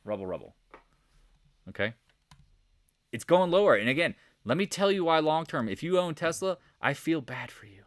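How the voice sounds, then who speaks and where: A man giving a casual, joking stock market recap over charts, animated and rambling, with sound effects. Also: on the high side, normal speed, no echo, studio quality. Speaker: market commentator.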